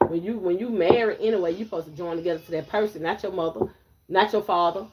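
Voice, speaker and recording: A woman's voice: fairly low pitch, fast, highs cut off, very noisy. Blunt woman giving a live tarot reading. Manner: blunt, repetitive, addresses viewers as y'all. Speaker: tarot reader.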